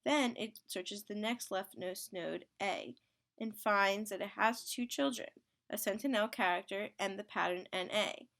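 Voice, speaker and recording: A young woman student reads a prepared technical explanation at an even, steady pace. Her voice sits mid-pitch with a noticeable gravelly fry running through it. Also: a little slow. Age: young adult. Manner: steady, scripted reading. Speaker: student presenter.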